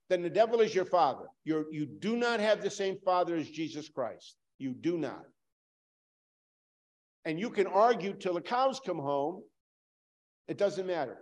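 Emphatic preaching man, rather high voice. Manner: emphatic, repeats for stress, swings from loud to hushed. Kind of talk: sermon.

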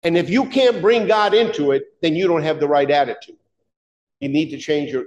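Guy with a high voice preaching, punchy and chatty, keeps firing rhetorical questions at the crowd. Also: moderate pace, a little mellow, highs cut off. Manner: emphatic, conversational, full of rhetorical questions. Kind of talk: sermon.

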